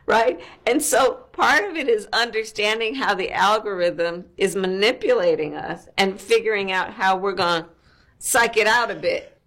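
A woman's voice: medium pitch, moderate pace, fairly bright tone. A woman in a played clip explaining an idea earnestly.

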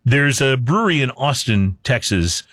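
A man's voice: medium pitch, animated, normal speed, a bit bright, no echo, clean studio sound. A man hosting a beer and cigar podcast, chatting casually with lots of fillers and jokes. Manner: jokey, rambling with many fillers. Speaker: podcast host. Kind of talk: casual chat.

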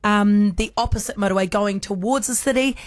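A woman co-hosting breakfast radio, giving a traffic update and chatting briskly into a studio mic. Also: mid-range voice, no echo. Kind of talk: traffic update and casual banter. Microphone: studio microphone.

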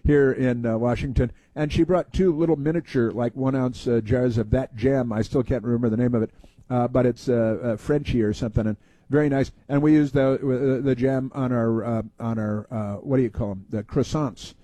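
A man with a mellow, dark voice hosts a mailbag segment in a loose, meandering monologue. He halts often, stacking fillers and restarts. The sound is dry and close. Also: mid-range voice, steady tone, dry recording. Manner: halting, many fillers and restarts. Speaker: podcast host answering listener mail. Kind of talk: casual rambling monologue.

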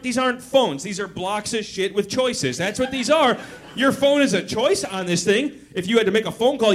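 An exasperated male stand-up comic with a high voice. He rants and trips over his restarts. His tone is fed up and running on. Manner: exasperated ranting with stammered restarts. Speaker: stand-up comedian. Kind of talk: stand-up comedy set.

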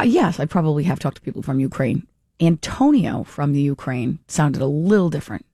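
A woman hosting a call-in talk radio show, chatty and quick to laugh, often breaking off mid-thought. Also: deep voice, mellow, no room sound, clean studio sound.

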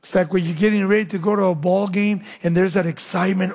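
Male preacher with a high, husky voice, emphatic peaks falling to near-whispers, long church reverb. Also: fairly even intonation, a little fast, few pauses. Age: young adult. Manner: dramatic swings between loud emphatic lines and low hushed endings. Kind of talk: sermon.

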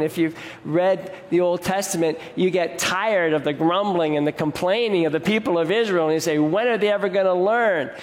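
A man preaching a sermon in an earnest, direct way, repeating phrases for emphasis. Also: high-pitched. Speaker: pastor. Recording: long hall reverb.

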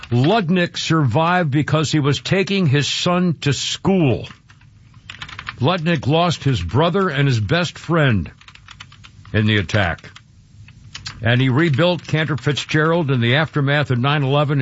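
A man's voice: on the high side, muffled recording, slight background noise. A man hosting a talk radio show, emotional and rambling, with many restarts and fillers.

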